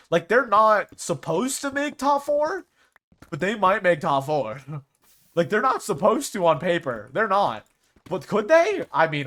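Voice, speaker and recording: A man's voice: high-pitched, a bit bright. A young man streaming, chatting casually and rambling about esports rosters, restarting his sentences often.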